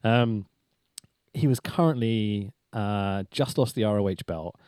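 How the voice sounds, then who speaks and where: A man's voice: fairly low pitch, unhurried, darkish tone, clean tone, dry recording, clean studio sound. A young man, chatting as a podcast guest, telling stories with lots of laughter and swearing. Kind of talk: casual chat.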